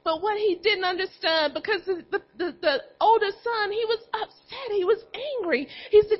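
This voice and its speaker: Woman preacher, very high voice, tearful and impassioned, dull lo-fi sound. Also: moderate pace, hardly any pauses. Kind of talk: sermon. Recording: dull lo-fi recording.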